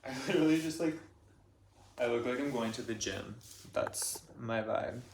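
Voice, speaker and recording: A young man in his apartment, talking calmly and confessionally to camera in a soft, rambling way full of fillers. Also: mid-range voice, moderate pace, gravelly, a little hiss or hum. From United States. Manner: calm, soft-spoken, rambling with many fillers. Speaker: vlogger. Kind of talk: confessional vlog talk.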